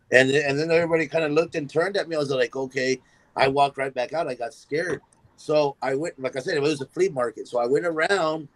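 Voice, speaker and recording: A man tells a story as a musician guest on a podcast interview, with his voice sitting a little above the usual range for a man. He talks in an animated way and acts out the voices of the people in his tale. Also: on the high side, rough recording.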